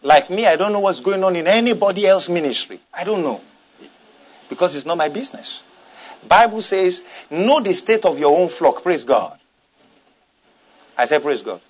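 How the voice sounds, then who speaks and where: High, animated male pastor preaching. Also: moderate pace, pauses often. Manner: emphatic preaching, repeating and asking the congregation to respond. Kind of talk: sermon.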